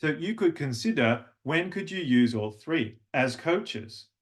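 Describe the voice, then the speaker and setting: A man's voice: on the high side, lively intonation, a little slow. A man, a former singer coaching about voice on a video call, chatty with frequent restarts. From Australia. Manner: demonstrates humming and vocal tones, chatty with restarts. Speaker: voice and language coach. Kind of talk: online workshop lecture with vocal demonstrations.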